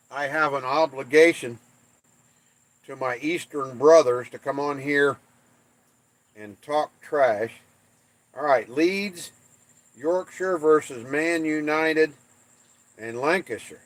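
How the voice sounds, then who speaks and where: Casual livestream host, a man from the States, unhurried and playful, dry close sound. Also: a little high, no room sound. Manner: slow, drawn-out, playful trash talk. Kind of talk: casual livestream chat reading comments.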